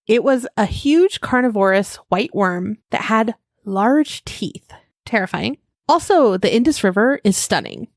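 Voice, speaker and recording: A woman's voice: medium pitch, no echo, studio quality. A woman co-hosting a podcast, reacting wryly and reading out research notes in a casual tone. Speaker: podcast co-host.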